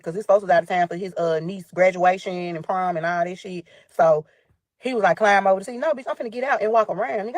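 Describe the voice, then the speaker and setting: A woman's voice: mid-range voice, dry recording. A woman with a Memphis accent telling a story about her ex in a heated, profane monologue, talking straight to her listeners. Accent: Southern US (Memphis). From Memphis, USA. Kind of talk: angry venting monologue.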